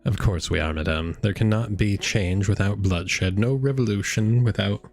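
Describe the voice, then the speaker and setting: A man voicing a smooth, sinister male friar over game music. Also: fairly low pitch, normal speed.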